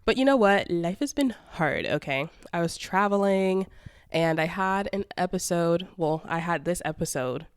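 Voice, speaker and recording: With a lowish, clean voice, lively intonation and a moderate pace, a twentysomething woman runs a casual solo podcast with no echo. She sounds congested and sore-throated yet chats sassily, calling her listeners "babes" and "girl."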